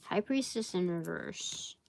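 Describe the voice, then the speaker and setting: A woman's voice: fairly low pitch, expressive, slow, vocal fry, a little hiss or hum. A woman giving a casual live tarot reading, rambling and thinking aloud with many fillers. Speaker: tarot reader.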